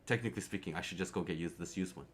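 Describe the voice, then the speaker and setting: A young man from Canada chatting casually on a live stream, excitable, laughing often and repeating his words. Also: low-pitched, racing, slight background noise. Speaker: keyboard streamer.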